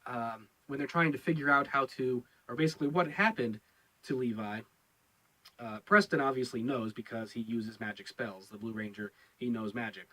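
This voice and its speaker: A man's voice: medium pitch, moderate pace, bright, forceful tone, low-quality recording. A man giving a casual review of a TV episode, rambling and repeating his words with many fillers. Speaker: show reviewer.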